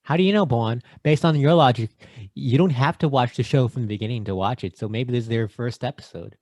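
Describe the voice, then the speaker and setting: Male co-host, playful banter, rattles off shout-outs, mid-pitched, close dry mic. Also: fast, no room sound. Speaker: podcast co-host. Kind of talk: casual chat.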